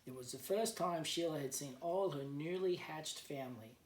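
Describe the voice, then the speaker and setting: A male teacher reading a picture book aloud to children, gently explaining words as he goes, recorded at home. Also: fairly high pitch, normal speed, far from the mic. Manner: gentle storyteller who explains words for kids. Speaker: teacher, guest reader. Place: at home, remote learning. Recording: echoey room, voice off-mic, faint background.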